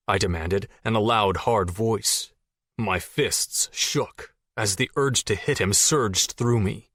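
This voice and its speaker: Low-voiced male audiobook narrator. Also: slow pace, a bit bright, no room sound. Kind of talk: scripted first-person narration.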